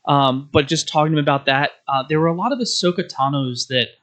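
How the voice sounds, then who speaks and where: A young adult man in casual chat, rambling and halting, with many restarts as he recounts his day. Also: a little high, a bit bright. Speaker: podcast guest.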